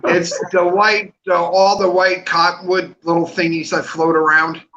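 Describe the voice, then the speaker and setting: Man guest on a late-night stream, bright and a touch high, laid-back, heard through a dull lo-fi line. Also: little pitch movement, measured pace. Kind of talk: casual chat. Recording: muffled lo-fi sound.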